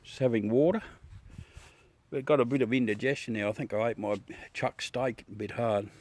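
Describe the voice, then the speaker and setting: A laid-back Australian man talks to his live viewers from his backyard at night, swearing freely and laughing often. His voice sits at a middling pitch and sounds close and dry. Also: fairly even intonation, fairly quick, no room sound. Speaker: livestream host. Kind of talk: casual chat with live viewers.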